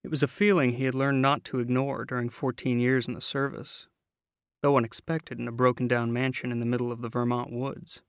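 A man narrating a novel in a measured, wry way, close to the mic. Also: medium pitch, little pitch movement, clear, resonant tone, no room sound. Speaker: audiobook narrator. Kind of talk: scripted narration.

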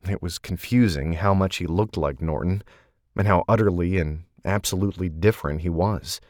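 A man narrating a novel as an audiobook, in a measured storytelling delivery. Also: low-pitched, a little mellow, no echo, studio quality. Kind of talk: scripted narration.

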